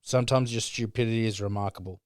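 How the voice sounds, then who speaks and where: A young man talks bluntly on a casual podcast, dry sarcasm and regular swearing. His voice is clear and smooth at a middle pitch. The sound is dry and close. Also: steady tone, quick pace, a little mellow, dry recording. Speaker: podcast co-host. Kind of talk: casual chat.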